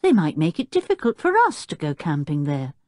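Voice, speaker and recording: A woman voicing a bold, adventurous girl who speaks eagerly and with excitement in an audiobook. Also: sits low, a little fast, no room sound, clean studio sound. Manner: eager, thrilled.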